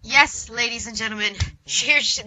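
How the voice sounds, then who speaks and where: A woman putting on the voice of a flamboyant showbiz robot star, grandly drawn-out and calling everyone darling, in a slideshow vlog. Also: fairly high pitch, bright, forceful tone, soft background music, poor audio. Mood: grandly announcing. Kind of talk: playful impression in a slideshow vlog.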